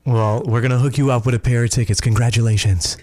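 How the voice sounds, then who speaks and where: A man's voice: medium pitch, quick pace. A man hosting a morning radio show, chatting with his co-host and taking callers. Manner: lively, takes callers, reads ad copy. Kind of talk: upbeat radio chat.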